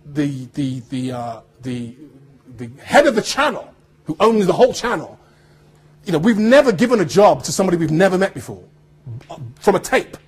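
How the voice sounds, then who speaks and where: A man's voice: high-pitched, big pitch swings, moderate pace, darkish tone, slightly rough, heavily acted. A man voicing an enthusiastic male TV producer on a phone call, eager and persuasive, repeating his praise.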